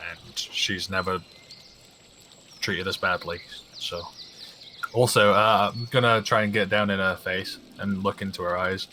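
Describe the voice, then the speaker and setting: A man playing his character in a tabletop game, earnest and reassuring, speaking deliberately. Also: deep voice, steady tone, bright, forceful tone, slight background noise. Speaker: player.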